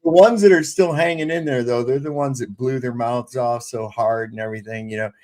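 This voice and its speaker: A man's voice: medium pitch, fairly quick, a little mellow. An older man ranting in casual, profane, exasperated political chat on a livestream panel.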